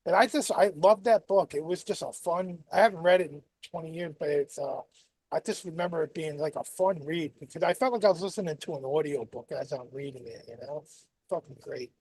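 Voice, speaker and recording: A man's voice: a little high, brisk, a little mellow, breathy edge, dry recording, low-quality recording. Enthusiastic man with a dry, close sound. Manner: enthusiastic, swears casually. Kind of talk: casual chat.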